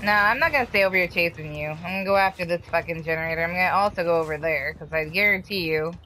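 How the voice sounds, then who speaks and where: A woman streamer with a fairly low voice talks fast over a noisy background as she gives casual gameplay commentary. She swears freely and trash-talks, taunting the other players.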